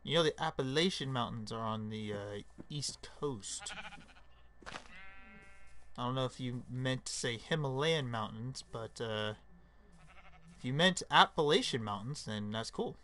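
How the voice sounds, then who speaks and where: A man's voice: medium pitch, expressive, measured pace, pauses often, pushed and bright, a little hiss or hum. A young man live-streaming a game, reading chat aloud and joking around with casual swearing.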